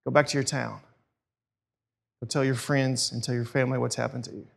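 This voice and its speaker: A man voicing Jesus in a sermon retelling, speaking softly and low. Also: steady tone, normal speed, gravelly. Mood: gentle. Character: calm male Jesus speaking gently.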